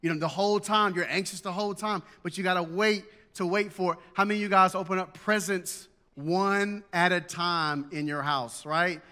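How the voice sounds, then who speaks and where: A man's voice: high-pitched, steady tone, normal speed, hardly any pauses, bright, forceful tone, big-room sound. A man, preaching a sermon in a folksy, joking way that builds to emphatic preaching. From Southern United States. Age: 40s. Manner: folksy storytelling with jokes, rising to emphatic preaching. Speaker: pastor.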